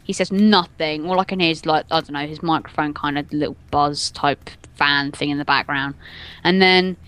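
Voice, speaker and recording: A woman's voice: deep voice, steady tone, normal speed, fairly bright tone, smooth. A young adult woman telling a story in casual chat, rambling and giggling, stringing everything together with "and then". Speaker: podcast co-host telling a story.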